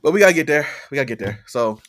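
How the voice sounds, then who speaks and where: A man co-hosting a music podcast keeps things casual and jokey, staying animated and breaking into loud impressions. His voice sits a little high and he talks at a racing clip.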